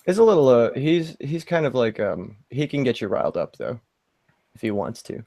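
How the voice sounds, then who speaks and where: A man from the United States in casual chat, brash and excitable, swearing often. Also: medium pitch, normal speed, no echo. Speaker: podcast panelist.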